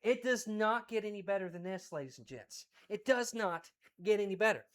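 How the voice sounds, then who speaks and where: An excited man from West Virginia with an Appalachian accent, chatting folksily on a cooking livestream. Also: high voice, normal speed. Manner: folksy and exuberant, repeats phrases.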